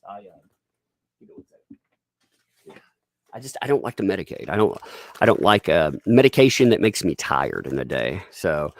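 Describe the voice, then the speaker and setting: A man's voice: deep voice, gravelly, no echo. A man with a Southern US accent, chatting casually on a live stream, rambling with restarts and frequent chuckles as he reads viewer tips.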